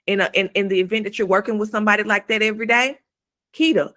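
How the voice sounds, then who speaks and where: A woman's voice: mid-range voice, fairly even intonation, fast, sharp tone. A woman co-hosting a podcast, giving blunt, emphatic advice in casual talk and swearing freely. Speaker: podcast co-host.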